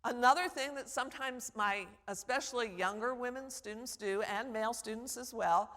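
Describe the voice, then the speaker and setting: A woman gives a public speaking lecture at a conference. Her voice sits a little high, and she acts out the voices she quotes. The sound rings on in a large hall. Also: normal speed, a bit bright. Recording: long hall reverb.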